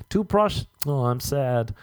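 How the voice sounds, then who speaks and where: Animated man ranting comically. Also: mid-range voice, no echo, clean studio sound. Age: 30s. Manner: ranting, self-mocking, acts out his own inner voice. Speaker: comedian. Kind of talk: comic monologue.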